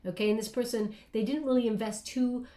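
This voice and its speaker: A woman's voice: on the high side, fairly even intonation, brisk, mellow. A woman giving a spiritual guided reading straight to the listener, soothing and reassuring, talking in loose phrases with frequent fillers. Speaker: psychic reader. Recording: roomy echo.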